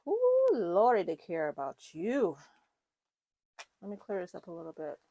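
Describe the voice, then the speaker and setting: A woman's voice: fairly low pitch, moderate pace, vocal fry, muffled recording. A woman giving a casual, rambling tarot reading to her viewers, full of fillers and restarts. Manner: chatty, rambling, with fillers and self-corrections. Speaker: tarot reader.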